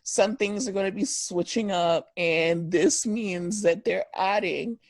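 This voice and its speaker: A woman's voice: medium pitch, slow, no room sound. A young woman co-hosting a podcast, gossiping in a casual chat and laughing often. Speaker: podcast co-host.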